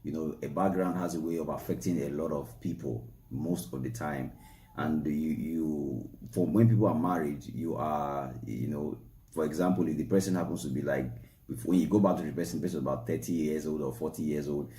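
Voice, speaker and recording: A man co-hosting a marriage Q&A show, explaining in a relaxed, repetitive way that stresses key points. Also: rumbling low, a little fast, reverberant. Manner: repetitive, emphatic, explaining step by step. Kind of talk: relaxed advice talk.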